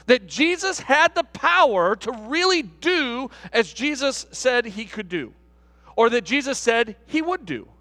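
A male pastor preaching a sermon with animated delivery, stumbling over restarts and tossing in rhetorical asides. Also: extremely high pitch, a little slow. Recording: reverberant hall.

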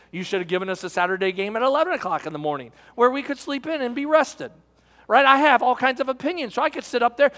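A man's voice: high voice, a bit bright, long reverb tail. A middle-aged man pastor preaching a sermon, telling a folksy personal story and calling his listeners friends.

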